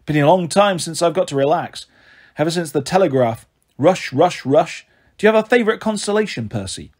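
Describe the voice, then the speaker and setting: A man's voice: fairly high pitch, expressive, brisk, darkish tone. A man doing a sly, easygoing god. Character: relaxed, sly male messenger god in his forties.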